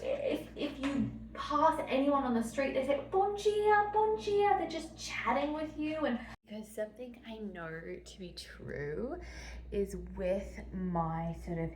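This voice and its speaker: A woman's voice: a little high, unhurried, recorded from a distance, a little hiss or hum. A young Australian woman, a mum, chatting reflectively in a casual travel vlog with lots of fillers. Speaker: vlogger. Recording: roomy, off-mic, light ambience.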